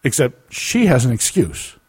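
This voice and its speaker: A man's voice: mid-range voice, wildly swooping pitch, measured pace, darkish tone, breathy edge, dry recording. A man co-hosting a casual comedy podcast, telling stories animatedly and laughing often. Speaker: podcast co-host.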